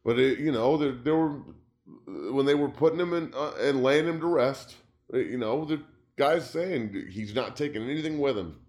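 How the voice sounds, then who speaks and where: Ex-pro football player, middle-aged, hosting a sports talk show solo in his studio; mid-pitched, heated and profane. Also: moderate pace, darkish tone. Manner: impassioned, profane, voice rising when upset. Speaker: podcast host, former pro football player. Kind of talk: emotional sports talk monologue. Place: home studio.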